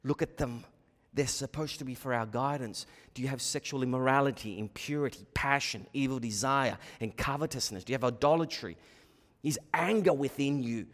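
A middle-aged man preaching a sermon as pastor, shifting between quiet asides and emphatic points. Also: mid-range voice, normal speed. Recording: long hall reverb.

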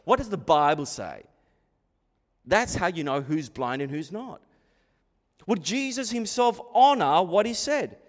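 A man preaching a sermon as pastor, dramatic, dropping to a hush and rising to a shout. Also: high-pitched, animated, unhurried, long pauses, in a large hall.

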